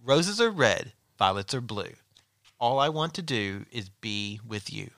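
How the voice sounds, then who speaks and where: A man's voice: fairly low pitch, sing-song, unhurried, a bit bright, no echo. A man co-hosting a podcast, joking playfully and laughing often in casual banter. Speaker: podcast co-host.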